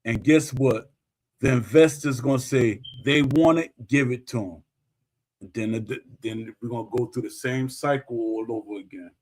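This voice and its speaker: A man with a New York accent in casual podcast chat, talking in a halting, drawled way with fillers. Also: medium pitch, darkish tone.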